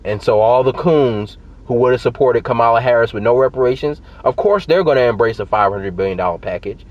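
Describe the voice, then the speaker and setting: A man with a mid-range voice speaks briskly on a muffled recording. He's a political vlogger talking straight to the camera, delivering heated, emphatic commentary to his viewers and repeating points for force.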